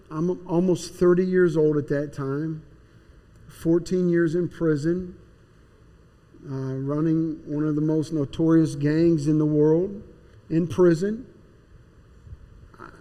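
A man's voice: fairly high pitch, fairly even intonation, slow pace, pauses often, dark tone. A man plainly and earnestly telling his personal testimony. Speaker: speaker giving personal testimony. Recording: long hall reverb.

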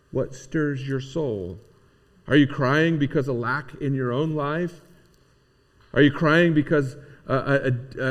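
Preaching man in a reverberant hall. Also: medium pitch. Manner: earnest, questioning, rising to emphatic peaks. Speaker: pastor. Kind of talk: sermon.

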